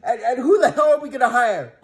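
A man's voice: extremely high pitch, animated, fairly quick. A man ranting angrily and profanely as a sports fan vlogger, talking heatedly to his viewers with frequent restarts. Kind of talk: angry fan rant to camera.

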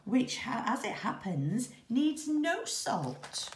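A woman's voice: fairly high pitch, very animated, takes it slowly, a little hiss or hum, voice pushed up. A woman voicing a cheeky, clever young boy in a read-aloud storybook, in a sing-song teasing manner. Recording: echoey room.

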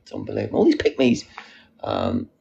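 A man's voice: fairly low pitch, huge pitch swings, brisk, creaky, warm tone, lo-fi sound, a little hiss or hum. A man chatting casually on a live stream, reading out viewers' comments and answering them. He sits outdoors on a wall and talks into a phone.

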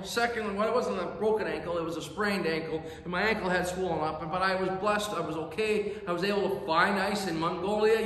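High-voiced pastor preaching in echoing church. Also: male voice, fairly bright tone. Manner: earnest, emphatic storytelling with sound words. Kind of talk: sermon storytelling. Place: church sanctuary. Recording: echoey church hall reverb.

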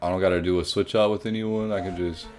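A man's voice: low-pitched, fairly even intonation, fast, darkish tone, soft background music. A young man commenting casually and jokingly as he plays a horror game, chatting to his viewers. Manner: jokey, jumpy, voices the game characters. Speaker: gaming streamer.

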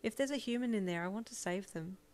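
A woman voicing the listener character, a caring and determined young vet, speaking earnestly and softly. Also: medium pitch, quick pace, voice pushed up, natural voice. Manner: earnest and soft-spoken. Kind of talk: second-person listener role.

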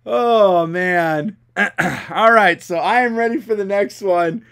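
A man's voice: high voice, slow pace, vocal fry, fairly bright tone, clean tone. Giggly man commentating card duels. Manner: giggly, keeps breaking into laughter; amused, chatty, talks to viewers as folks. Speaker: host commentating online card game duels. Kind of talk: casual live commentary.

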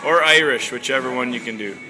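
A man's voice: medium pitch, fast, over music. A man behind the camera teasing and egging on a puppet in casual banter, laughing often.

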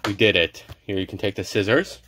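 A man's voice: lowish voice, a little fast, pushed and bright, slight background noise. A man hosting a card-opening video, chatting casually and stumbling over names as he goes. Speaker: card-opening channel host. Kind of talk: casual unboxing chat.

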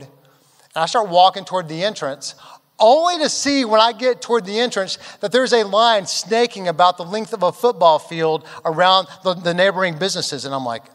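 A man's voice: sits high, in a large hall. Man pastor telling a funny story. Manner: humorous, animated storytelling with acted quotes. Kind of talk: storytelling sermon. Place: large church auditorium.

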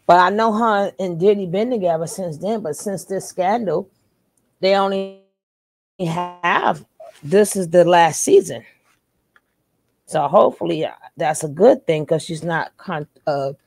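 A woman's voice: on the low side, unhurried, pauses often. A woman co-hosting a casual reaction chat, talking things over with lots of questions. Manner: chatty, questioning. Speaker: co-host.

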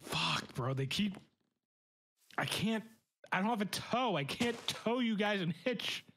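A young man with a high, bouncy voice that swings all over as he games with a friend. He trades crude, laughing jabs and curses freely in loose, casual chat. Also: expressive, a little slow, creaky, a bit bright, a little hiss or hum. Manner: crude banter, laughing and cursing. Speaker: friend and co-player. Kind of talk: casual chat while gaming.

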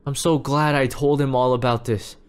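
A man voicing a quiet, apologetic male helper in a game role-play. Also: mid-range voice, fairly even intonation, moderate pace, clear, resonant tone, pitched below the performer's own voice, close to an everyday voice. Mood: hushed.

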